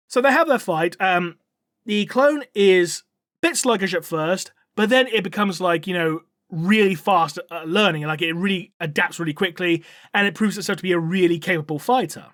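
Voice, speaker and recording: A man's voice: sits high, fairly bright tone, no room sound, clean studio sound. A male podcast co-host casually retelling a novel's plot, swearing, laughing and using many fillers.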